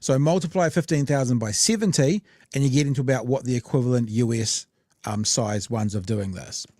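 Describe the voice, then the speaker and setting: A man's voice: mid-range voice, brisk, warm tone, dry recording, clean studio sound. A man hosting a casual political podcast, blunt and rambling with lots of fillers. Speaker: podcast host.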